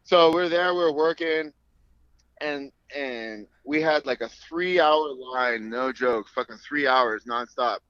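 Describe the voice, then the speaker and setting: A man in his thirties, an MMA fighter guest on a remote call, telling stories in an animated, profane way and acting out the voices in them. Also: mid-range voice, slow, smooth, dry recording. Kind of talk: casual storytelling interview. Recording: dull call audio.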